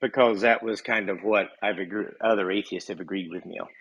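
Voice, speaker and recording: A man's voice: fairly low pitch, fairly even intonation, a little fast, fairly bright tone, no echo, lo-fi sound. Male debate caller, hesitant and filler-heavy, dry sound. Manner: hesitant, lots of fillers and restarts while defending a point. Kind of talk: heated call-in debate.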